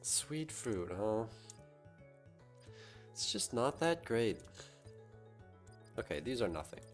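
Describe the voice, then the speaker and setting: A man's voice: medium pitch, sing-song, slow pace, soft background music. A man streaming a game live, thinking aloud and talking to his chat in a casual, musing way. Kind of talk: casual live-stream commentary while gaming.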